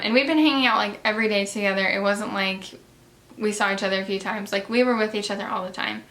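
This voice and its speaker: A young woman telling embarrassing stories in a casual, chatty way while doing her makeup, with lots of fillers and lively retelling. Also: medium pitch. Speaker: beauty vlogger.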